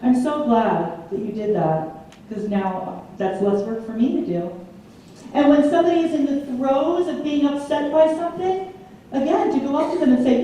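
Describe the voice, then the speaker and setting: A woman speaking at a lecture in a mellow, fairly high voice, telling lively stories and acting out the voices she quotes. She is heard from a distance in a very echoey hall with a faint hum behind her. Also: normal speed. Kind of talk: public lecture. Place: large community hall.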